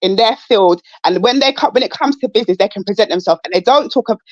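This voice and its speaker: A woman's voice: mid-range voice, dry recording, dull audio. A woman caller on a live podcast panel, arguing her side with many restarts and repeated words. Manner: halting, repeats words, pushes back. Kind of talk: heated live panel debate.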